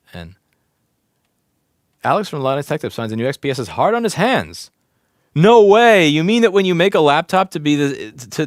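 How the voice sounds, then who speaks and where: A man hosting a casual repair livestream, ranting with swearing, swinging from loud outbursts to low mutters. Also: no room sound, clean studio sound. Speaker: livestream host, repair technician. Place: repair shop.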